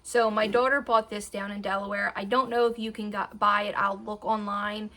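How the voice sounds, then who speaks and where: A woman's voice: mid-range voice, flat delivery, moderate pace, pushed and bright. Chatty woman in her thirties, rambling. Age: 30s. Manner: chatty, rambling, talks to her dogs mid-sentence. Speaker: beauty vlogger. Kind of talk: casual chat.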